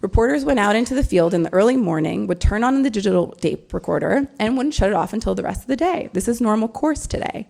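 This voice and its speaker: A woman giving an earnest, measured conference talk as a newsroom lawyer, stressing key words. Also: mid-range voice, animated, vocal fry, a little mellow. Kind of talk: prepared conference speech.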